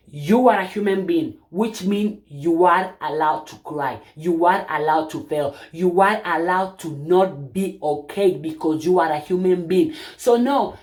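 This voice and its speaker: A woman's voice: mid-range voice, normal speed, mellow. A woman hosting her channel, giving an emphatic, preachy opinion monologue full of rhetorical questions, with non-native phrasing. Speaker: channel host.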